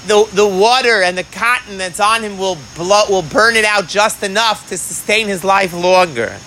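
A man's voice: sits high, sharp tone, a little hiss or hum, rough recording. A man teaching a Talmud class outdoors in the rain. He talks with animation, asks rhetorical questions and mixes in Hebrew and Aramaic phrases. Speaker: Torah teacher.

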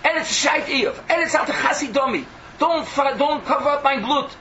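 A man's voice: very high voice, animated, moderate pace, sharp tone, echoey room, far from the mic, dull audio, voice pushed up, exaggerated voice. A man voicing a suffering, righteous older man who pleads that his punishment is unfair. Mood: protesting. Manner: anguished pleading complaints.

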